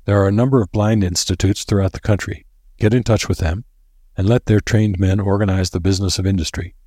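A man voicing a grim, earnest male doctor in a plain, steady voice. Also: deep voice, brisk, no room sound, studio quality.

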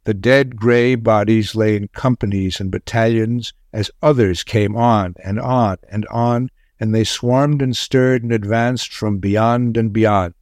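A man's voice: lowish voice, fairly even intonation, unhurried, hardly any pauses, darkish tone, no echo. Man narrating a war story, dry sound.

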